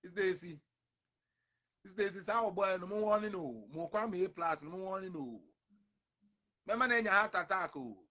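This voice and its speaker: A man's voice: high-pitched, normal speed, long pauses, sharp tone. Young ghanaian man, ghanaian accent, repetitive fired-up rant to viewers, edgy voice. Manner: emphatic, repetitive, addresses viewers directly. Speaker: online show host. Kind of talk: livestream rant mixing English and Twi.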